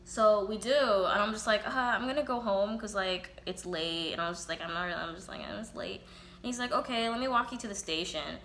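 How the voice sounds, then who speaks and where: A woman's voice: mid-range voice, fairly quick, a bit bright, a little hiss or hum. Candid young woman telling a story. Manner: candid and profane, quotes herself and others in reenacted dialogue. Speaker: vlogger. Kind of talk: casual storytime. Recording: roomy echo, faint ambience.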